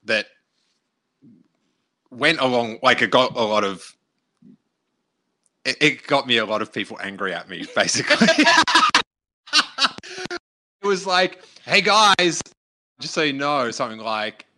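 A man with a very bright, forceful tone talks in a loose podcast chat. He jumps between thoughts with animated asides and quick restarts. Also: mid-range voice. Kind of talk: casual chat.

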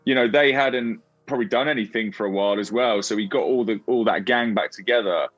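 A man's voice: lowish voice, a little fast, no echo, muffled recording, faint music behind. Friendly rambling male musician, dry sound. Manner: rambling, friendly, many fillers. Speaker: musician guest. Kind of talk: casual interview chat.

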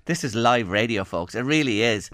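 A man's voice: mid-range voice, lively intonation, moderate pace, a bit bright, dry recording. A man hosting live radio, teasing and laughing through a play-by-play of a studio challenge. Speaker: radio host.

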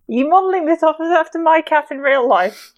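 A woman's voice: high voice, expressive, moderate pace, highs cut off. A woman player in a tabletop game, chatting casually and prone to fits of giggles. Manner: chatty, easily breaks into giggles. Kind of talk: casual tabletop play chat.

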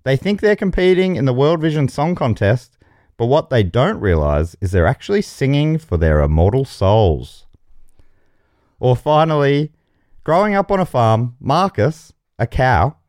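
Lively jokey male game show host. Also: medium pitch, unhurried, dry recording, studio quality. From Australia. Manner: jokey, chuckles mid-sentence. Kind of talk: comedy podcast banter, reading quiz options.

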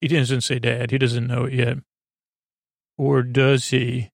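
Gravelly man rambling through a retelling. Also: mid-range voice, flat delivery, slow pace, no echo, clean studio sound. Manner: rambling, loose, many fillers and restarts. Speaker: sleep podcast host. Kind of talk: casual retelling of a TV episode.

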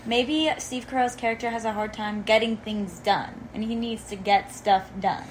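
Wry higher-voiced female co-host. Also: normal speed, slight background noise, poor audio. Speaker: podcast co-host. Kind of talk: casual chat.

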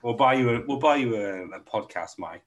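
A man's voice: mid-range voice, lively intonation, brisk, slight background noise. A man co-hosting a podcast, chatting casually and jokily about weekend football bets. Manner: laid-back, jokey, calls listener mate. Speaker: podcast co-host. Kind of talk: casual betting tips chat.

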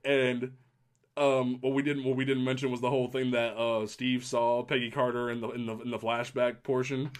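A man hosting a casual podcast chat, talking in an excitable, rambling way with lots of restarts. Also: medium pitch, moderate pace, smooth. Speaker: podcast host.

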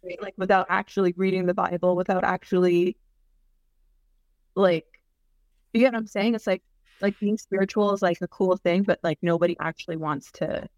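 A woman co-hosting a podcast in casual chat, telling stories in a chatty way with lots of fillers; her voice can run a little deep. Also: fairly even intonation, normal speed, a little mellow, no room sound. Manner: chatty, leans hard on "like", storytelling. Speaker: podcast co-host.

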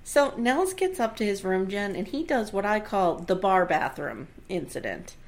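A woman's voice: mid-range voice, moderate pace. A woman co-hosting a casual podcast, recapping a TV episode with frequent laughter and acted-out lines. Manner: animated storyteller who laughs often and acts out lines. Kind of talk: casual chat.

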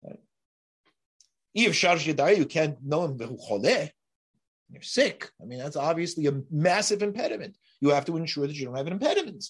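A man teaching a Torah class, emphatic and building to forceful rises on key points, then dropping to quiet asides. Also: a little high, big pitch swings, moderate pace, husky. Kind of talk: Torah lecture.

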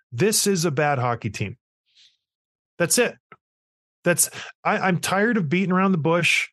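A middle-aged man holds forth on a sports podcast, his voice sitting a little higher than most men's. He rants with emphatic exasperation, piling point on point, and the recording is dry and close with no room echo. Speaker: podcast host. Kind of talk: casual sports talk rant.

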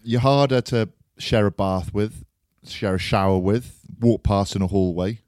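A man's voice: on the low side, a little slow, darkish tone, no echo, clean studio sound. A man co-hosting a podcast, bantering and teasing his co-host. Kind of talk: casual chat.

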